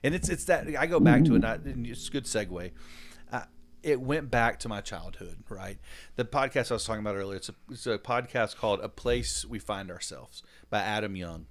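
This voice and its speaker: A man in his thirties hosting a podcast, telling stories with animated, casual, slangy talk and acting out the dialogue. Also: lowish voice, a little fast. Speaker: podcast host.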